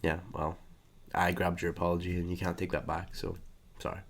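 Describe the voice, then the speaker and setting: Deep-voiced man chatting. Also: flat delivery, fairly quick. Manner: rambling, joking, storytelling. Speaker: podcast co-host. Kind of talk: casual chat.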